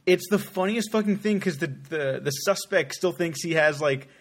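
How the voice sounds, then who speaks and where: A man with a somewhat high voice chats easily on a film podcast. He laughs often and curses casually while he retells scenes. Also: normal speed. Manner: laid-back, laughing, swears casually. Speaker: podcast co-host.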